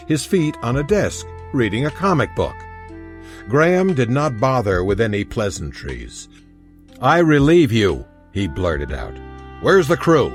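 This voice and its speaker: A man narrating a historical audiobook in an expressive storytelling manner. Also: mid-range voice. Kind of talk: scripted narration.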